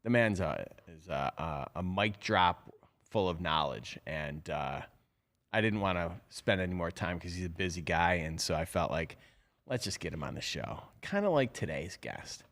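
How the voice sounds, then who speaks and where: A man's voice: low voice, animated, normal speed, fairly bright tone. A middle-aged man hosting a live show, talking casually in a rambling, chatty way full of fillers. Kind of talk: casual live-stream talk.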